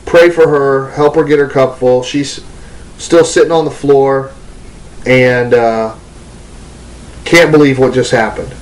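A man's voice: medium pitch, fairly even intonation, slow, pauses often, rough recording. Man telling a personal testimony. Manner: conversational, many ums and restarts. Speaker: minister.

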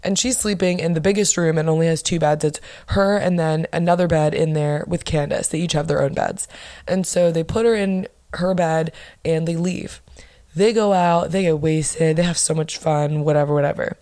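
A young woman hosting her own podcast, chatting casually and bluntly with lots of swearing and animated bursts of emphasis. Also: deep voice, normal speed. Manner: blunt, profane, gossipy. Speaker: podcast host. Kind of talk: casual solo podcast chat.

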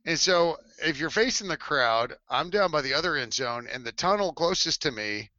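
A man in his forties tells a rambling story in casual chat, laughing and slipping into funny voices for the people he quotes. His voice is bright and a little high for a man. The sound is dull and dry, as if through a headset mic. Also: moderate pace, no echo. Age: 40s. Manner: animated, laughing, acts out quotes in shifting voices. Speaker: former cheerleader telling a story.

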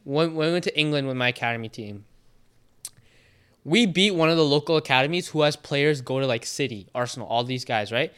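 A Canadian teenage soccer player telling animated stories in a casual podcast chat. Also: male voice, mid-range voice, fairly quick, clear, resonant tone. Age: teens. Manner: animated storyteller, quotes trash talk.

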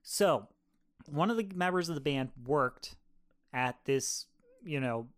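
Brief: young man, slightly higher voice, swearing, casual podcast storyteller. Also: animated, slow pace, no room sound, clean studio sound. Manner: loose, profane storytelling with laughs. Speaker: podcast co-host. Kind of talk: casual chat.

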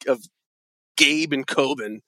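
Halting, self-deprecating man on a podcast. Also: medium pitch, sharp tone, no room sound. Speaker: podcast guest. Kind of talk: casual chat.

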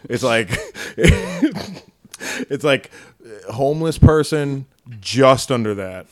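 A man's voice: medium pitch, lively intonation, takes it slowly. A man co-hosting a podcast, joking around and laughing often in casual chat. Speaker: podcast co-host.

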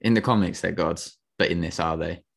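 Male podcast co-host, very low voice, easygoing jokey banter. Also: gravelly. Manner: joking, quick to laugh. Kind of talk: casual chat.

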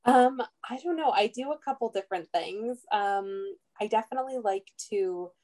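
A woman's voice: mid-range voice, normal speed, warm tone. A woman in her everyday speaking voice, talking as a podcast guest. She chats casually, laughs often, and leans on "um" and "literally.". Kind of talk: casual chat.

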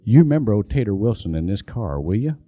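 A preacher voicing an awestruck small-town Southern boy on a moped, with drawn-out, wondering exclamations. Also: fairly low pitch, big pitch swings, warm tone, no echo, pitched below the performer's own voice. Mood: coaxing.

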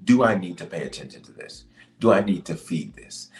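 Deep, lively preaching man, echoey room. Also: brisk, soft background music. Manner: emphatic, repeats key lines, swings between loud bursts and low asides. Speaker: bishop and podcast host. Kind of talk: preaching on leadership from scripture.

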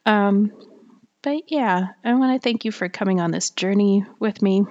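A woman with a slightly whiny voice at a middling pitch talks alone on her podcast. She rambles in a loose, chatty way, fills gaps with ums and likes, and breaks into laughter often. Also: moderate pace, darkish tone, highs cut off. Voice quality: self-described whiny voice. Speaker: writer hosting a podcast. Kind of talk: casual solo monologue.

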